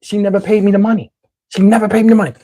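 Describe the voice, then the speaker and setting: A man doing stand-up storytelling, animated and addressing the audience. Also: high-pitched, racing. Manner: animated, talks to the audience, mimics voices. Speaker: comedian telling a story.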